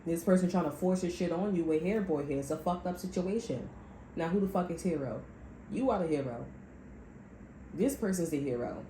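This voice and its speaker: Blunt, profane woman with a low voice. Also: expressive, brisk, warm tone, roomy sound, a little hiss or hum, poor audio. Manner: blunt, profane and sassy, talks straight to viewers. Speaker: tarot reader. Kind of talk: casual spiritual reading monologue.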